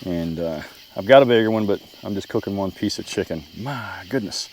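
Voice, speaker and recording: A man's voice: fairly low pitch, fairly quick, darkish tone. Oklahoma guy, middle-aged, rambling camp vlog at his truck, talks to his dog, faint bug noise behind. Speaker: camping vlogger. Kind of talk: casual camping vlog. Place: in and around a truck at a campsite.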